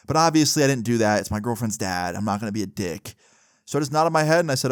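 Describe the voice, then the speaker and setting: A man's voice: mid-range voice, animated, rapid-fire, smooth, no room sound, studio quality. Laid-back young man telling a story. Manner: chatty, laid-back, conversational. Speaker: YouTuber storyteller. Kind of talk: casual storytime narration.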